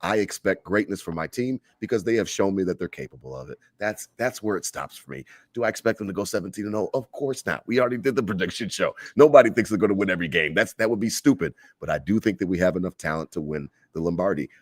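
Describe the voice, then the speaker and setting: Low-voiced male podcast co-host, fired-up fan rant, dry close sound. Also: quick pace, hardly any pauses, dry recording. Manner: animated, heated fan rant. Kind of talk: casual sports podcast chat.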